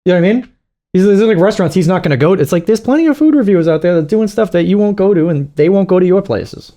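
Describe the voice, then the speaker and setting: A man hosts a reaction video in loose, casual commentary. He is sarcastic and profane, mocking whatever he is watching. His voice sits somewhat high. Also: lively intonation, racing, warm tone.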